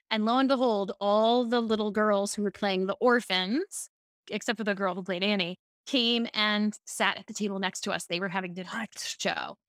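In a dry, studio-quality recording, a speaking coach from Baltimore, USA, shares stories in a relaxed podcast interview. Her medium-pitched voice has a clean tone, and she tells her stories with animation, performing the quotes she relays.

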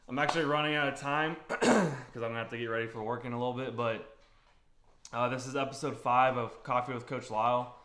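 A young man talks through a loose, unscripted vlog monologue as a youth baseball coach, circling back over his points and clearing his throat now and then. His voice sits at a middle pitch. The room around him rings with a noticeable echo. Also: fairly bright tone. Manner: candid, repeats himself, frequent throat-clearing. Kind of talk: casual rambling monologue. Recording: roomy echoey room sound.

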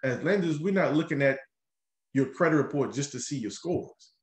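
A man, a mortgage lender hosting a radio show, explaining loans step by step in an energetic, conversational way, often checking in with "right?". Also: on the high side, moderate pace, echoey room. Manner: energetic, explains things step by step, keeps tagging lines with "right?".

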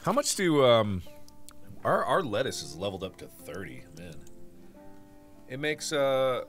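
A man chats through a farming game on stream. His pitch rises and falls freely as he jokes, then works out his plans out loud. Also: big pitch swings, a little slow, soft background music. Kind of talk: casual gameplay chat.

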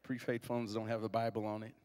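A man's voice: fairly low pitch, completely flat delivery, brisk, a little mellow, in a large hall. A young man preaching a sermon in a church, joking with the congregation and leading call-and-response. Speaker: guest preacher. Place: church sanctuary.

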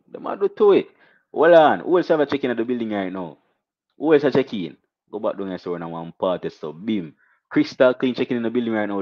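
A young Jamaican man hosting a casual live stream, shouting out viewers and reading donations with animated, repetitive catchphrases. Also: fairly low pitch, no room sound, muffled recording.

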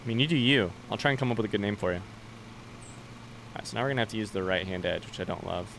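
A man's voice: lowish voice, racing, vocal fry, noisy background. A young man streaming a game live, chatting loosely with viewers and swearing casually as he plays.

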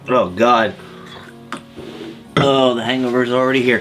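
A man's voice: medium pitch, big pitch swings, normal speed, long pauses, over music. A man hosting a comedy history show as a mock expert, rambling and getting tipsy on wine as he goes. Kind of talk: deadpan comedic monologue.

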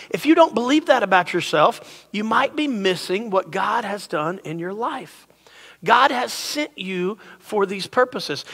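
A man's voice: high-pitched, fairly bright tone. A middle-aged male pastor with a drawl, preaching a casual, joking sermon and leading his congregation in call-and-response. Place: church sanctuary. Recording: long hall reverb.

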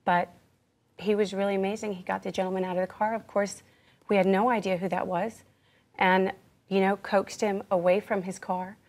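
A woman talks as a guest on a television interview, with an ordinary middle-pitched voice. She speaks earnestly and stresses her words. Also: level tone, moderate pace, darkish tone. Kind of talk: recounting events on a TV interview.

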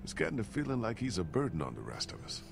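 A deep, gravelly protective guardian. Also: male voice, wildly swooping pitch, fast, exaggerated voice. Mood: reassuring. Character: calm protective adult man caring for a girl. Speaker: game character. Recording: game audio with loud music bed.

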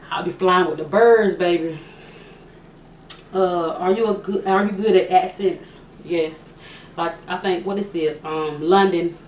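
With a lowish, darkish voice and an unhurried pace, a young woman casually fields questions for her vlog, joking around and often thinking out loud. Faint hiss and an echoey room come through from the distant mic.

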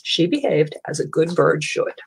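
A woman reading a children's picture book aloud, telling the story in a gentle, expressive way. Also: low voice, moderate pace, creaky, a little hiss or hum, rough recording. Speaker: storybook reader.

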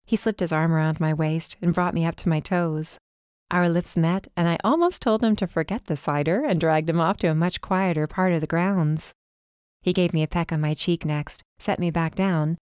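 A woman reading a first-person dark fantasy story as audiobook narrator, with tense, urgent delivery. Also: deep voice, clear, resonant tone, no echo, clean studio sound.

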